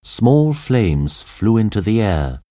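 A man narrating an audiobook story in a dramatic, expressive reading. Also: lowish voice, takes it slowly, no echo, clean studio sound.

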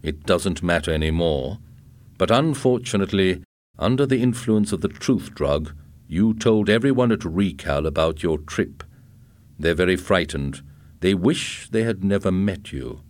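A man reading aloud and voicing a calm, menacing police officer who speaks coolly and matter-of-factly. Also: deep voice, measured pace, dry recording.

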